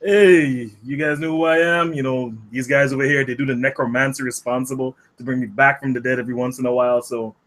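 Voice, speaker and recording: A man's voice: mid-range voice, steady tone, fast, few pauses, fairly bright tone. A man signing off a gaming podcast in casual chat, joking and swearing. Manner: joking, profane. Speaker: podcast guest.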